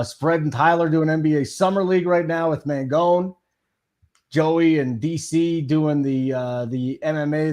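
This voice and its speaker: A man with a slightly high voice hosting a live stream in a playful, joking way. He teases his co-hosts, then shifts into plugging deals and handing the mic to the next guest. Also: darkish tone. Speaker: show host. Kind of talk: casual live-show hosting.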